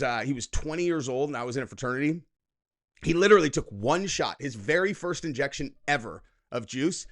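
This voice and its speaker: A man's voice: mid-range voice, a bit bright. A middle-aged man hosting a political reaction commentary, delivering a combative, profane, mocking rant.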